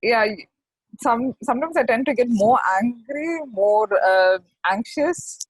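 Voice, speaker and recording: A woman taking part in a workshop, asking a question in a halting, hesitant way. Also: fairly high pitch, lively intonation, slightly rough, no echo, poor audio. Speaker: workshop participant.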